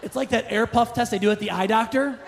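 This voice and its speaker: Middle-aged guy doing stand-up, high voice, ribbing the crowd, echoey room. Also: fast talker, creaky, background noise. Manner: chatty, teasing the crowd, wry asides. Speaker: stand-up comedian. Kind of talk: stand-up comedy set. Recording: reverberant live room, faint ambience.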